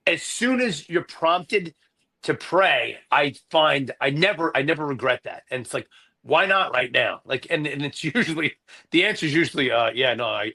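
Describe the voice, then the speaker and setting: Casting: man in his fifties, bright forceful tone, raised pitch, animated storyteller. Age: 50s. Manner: animated, self-deprecating, many restarts. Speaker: Army chaplain and priest guest. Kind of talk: conversational storytelling.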